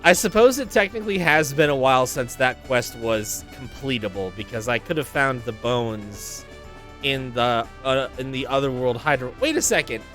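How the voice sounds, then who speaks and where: A man's voice: medium pitch, moderate pace, a bit bright, faint music behind. A man streaming a playthrough of a game, talking casually with profanity and wry exasperation.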